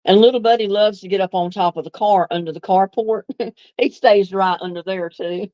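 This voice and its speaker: A woman's voice: mid-range voice, steady tone, moderate pace, no room sound, lo-fi sound. A woman hosts a casual live stream, chatting easily with viewers and laughing often. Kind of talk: casual live chat answering viewer comments.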